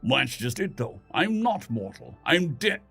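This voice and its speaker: A man voicing a defiant dead atheist who stays calm and coldly confident, asking one probing question after another. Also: medium pitch, a little slow, vocal fry, breathy edge, faint music behind, exaggerated voice.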